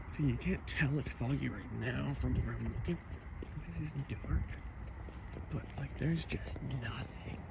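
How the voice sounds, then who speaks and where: A man walks through a foggy neighborhood at night, chatting to his handheld camera in a loose, rambling way. His voice sits at an ordinary pitch. Night sounds and passing cars leave a steady hiss of noise behind him. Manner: chatty, quietly spooked, rambling. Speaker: vlogger. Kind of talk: casual vlog narration. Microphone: handheld camera mic. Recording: noisy outdoor camera audio. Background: night sounds and distant cars.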